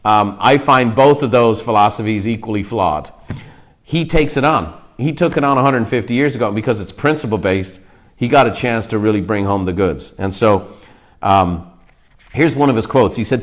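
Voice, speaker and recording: A man delivering an emphatic motivational talk to his company over a livestream. He drives each point home and keeps checking in with a quick "okay?" before pressing on. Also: fairly low pitch. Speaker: company leader giving a book talk.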